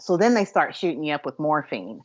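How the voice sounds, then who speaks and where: A woman co-hosting a chatty podcast, telling an animated story between laughs. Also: sits low, brisk. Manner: animated, laughing anecdote teller. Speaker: podcast co-host. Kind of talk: casual chat, storytelling. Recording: dull lo-fi sound.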